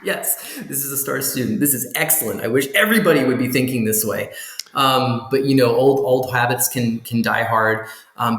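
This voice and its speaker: A man's voice: mid-range voice, reverberant. A man, a physician guest on a podcast, talking casually and thoughtfully, often restarting and repeating words. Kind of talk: casual conversation.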